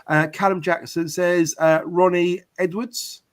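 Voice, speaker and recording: A man's voice: high-pitched, little pitch movement, unhurried. A man hosting a live football podcast, reading out viewers' comments and chatting back casually. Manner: chatty, reads out viewer comments and answers them. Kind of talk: casual live-stream chat.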